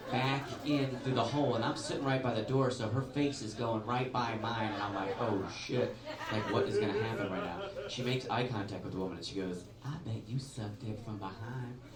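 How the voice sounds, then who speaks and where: A man doing a stand-up set in a comedy club, telling animated stories and acting out the people in them. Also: mid-range voice. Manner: animated, storytelling, acts out voices. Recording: roomy club recording from a distance, loud crowd.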